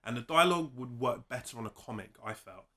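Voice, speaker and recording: A man's voice: medium pitch, lively intonation, fast talker, sharp tone. A man co-hosting a casual film review chat, gushing with enthusiasm and laughing as he talks.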